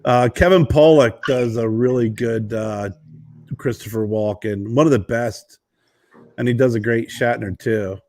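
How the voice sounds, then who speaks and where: A man's voice: medium pitch, measured pace. Laughing, rambling male podcast co-host. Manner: animated storyteller, laughs often, rambling restarts. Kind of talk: casual chat.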